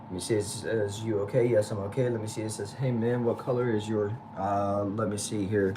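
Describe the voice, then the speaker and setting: Fast-reading Texan man, noisy shed. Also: lowish voice, steady tone. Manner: rapid reading of comments with short replies. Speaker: livestream host reading chat. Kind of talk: casual livestream chat. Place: back shed. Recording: noisy background hum.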